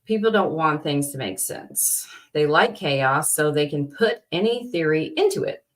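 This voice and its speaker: A young adult woman chats on her livestream at a slow, drawn-out pace. Her voice sits slightly low, and she sounds fed up, circling through fillers and half-finished sentences as she answers her viewers. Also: animated. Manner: exasperated, rambling, many "like"s and restarts. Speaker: livestream host. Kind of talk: casual livestream chat, reading chat.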